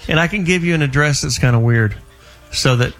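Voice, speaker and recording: A man's voice: fairly high pitch, fairly quick, fairly bright tone, soft background music. A male radio host taking calls and joking with guests on a call-in show.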